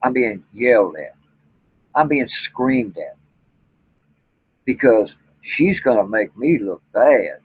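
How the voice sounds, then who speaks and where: A man's voice: mid-range voice, animated, slow pace, pauses often, husky. A man, a vlogger and Bigfoot researcher, ranting bluntly and angrily to camera with plenty of profanity. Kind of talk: angry rant to camera. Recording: tinny phone-like audio.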